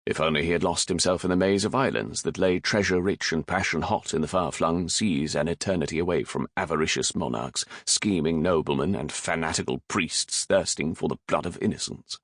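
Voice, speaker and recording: Deep-voiced man narrating an audiobook. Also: no echo, studio quality. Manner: measured, dramatic reading. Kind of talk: scripted narration.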